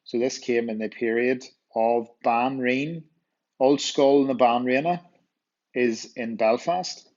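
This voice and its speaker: A male teacher with a Northern Irish accent, slowly walking students through vocabulary and repeating words to drill them. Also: medium pitch, darkish tone. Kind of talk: walkthrough lesson explaining vocabulary. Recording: dull lo-fi voice recording.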